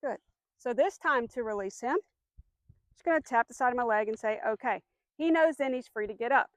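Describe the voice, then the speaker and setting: Woman dog trainer, high voice, patient explaining, firm commands, dry sound. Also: expressive, a little fast, dry recording. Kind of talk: instructional demonstration.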